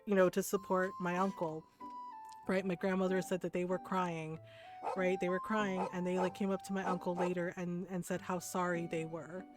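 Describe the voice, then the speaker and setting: A woman's voice: on the low side, level tone, moderate pace. A woman streamer telling personal stories in casual chat, often tagging her sentences with "right?". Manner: chatty, often adds "right?". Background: background music.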